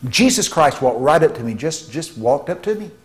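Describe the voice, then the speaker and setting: A man preaching a sermon, telling stories with vocal sound effects and swinging between hushed tones and shouts. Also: on the high side, very animated, moderate pace. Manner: shifts from hushed to shouting for emphasis.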